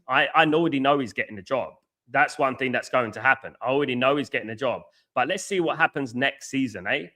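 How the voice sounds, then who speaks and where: Middle-aged male stream host, bright and forceful, blunt and argumentative with his chat. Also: mid-range voice. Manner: blunt, argumentative, reads out and scolds chat viewers. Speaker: host of a live football watchalong stream. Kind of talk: live match reaction and chat banter.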